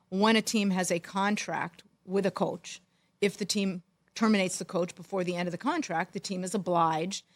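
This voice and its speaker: A middle-aged woman co-hosting a sports talk show, telling a long story in a wry, animated way. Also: on the low side. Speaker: podcast co-host, former football executive. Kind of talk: storytelling in casual chat.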